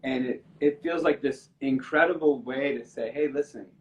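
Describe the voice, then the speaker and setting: A man talking over a live video call, earnest and halting, restarting his sentences as he works through a long story. His voice sits at an ordinary middle pitch for a man. He sounds open and moved by what he is saying. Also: dull audio, a little hiss or hum. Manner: halting, with frequent restarts and fillers; earnest, gets emotional while telling a story. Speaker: musician. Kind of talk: casual live-stream chat, storytelling. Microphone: video call from a phone or computer.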